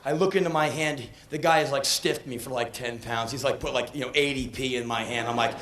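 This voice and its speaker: A man in his thirties performing a comedic spoken word monologue on stage, breathless and swinging from deadpan to yelling. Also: medium pitch, normal speed, few pauses, a little hiss or hum. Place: live stage. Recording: echoey live venue on old VHS.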